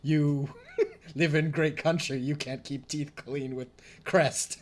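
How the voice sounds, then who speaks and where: A man's voice: on the high side, fairly even intonation, slow, very noisy, pitched above the performer's own voice. A man putting on a mock Japanese accent to play a stern older male dentist, in clipped broken English. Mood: scolding.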